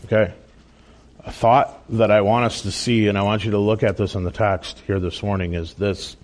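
A man's voice: on the low side, level tone, moderate pace, a little hiss or hum. A man delivering a sermon as a pastor in a church, earnest and emphatic, with asides and bits of self-deprecating humor.

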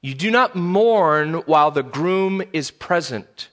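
A man's voice: fairly high pitch, lively intonation, slow pace, fairly bright tone. A man, a pastor, preaching a sermon in a conversational way, repeating key phrases for emphasis.

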